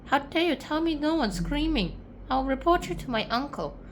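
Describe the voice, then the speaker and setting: A woman voicing a bossy, demanding ten-year-old girl in a casual book-summary video, her voice shrill and indignant. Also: wildly swooping pitch, moderate pace, a bit bright, slight background noise.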